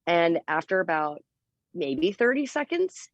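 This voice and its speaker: A woman guest on a podcast telling a story in a casual, animated way. She is candid and uses a lot of fillers. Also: fairly low pitch, unhurried, dry recording, highs cut off. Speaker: interview guest.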